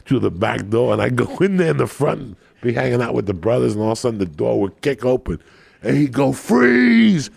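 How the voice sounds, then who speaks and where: A man's voice: mid-range voice, fast, vocal fry, a little mellow, breathy edge, no room sound. A man telling crude, rambling comic stories as a podcast guest. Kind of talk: profane comic storytelling.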